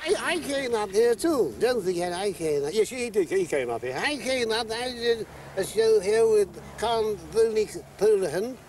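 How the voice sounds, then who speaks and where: An older man with a high, wavering voice, stumbling over names as he recalls old days. Faint traffic noise behind. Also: animated. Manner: halting, fumbles names. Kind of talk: casual reminiscing.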